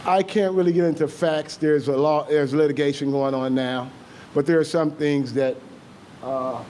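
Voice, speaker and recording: A grieving father giving an emotional public statement at a meeting, halting and repeating himself. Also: a little high, steady tone, warm tone, slight background noise.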